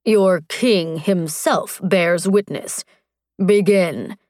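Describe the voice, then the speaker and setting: A woman's voice: on the low side, drawn-out words, darkish tone, no echo. Give me a fierce barbarian warrior man, as a woman narrator voices him, intense and commanding, recorded dry. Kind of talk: audiobook character voice.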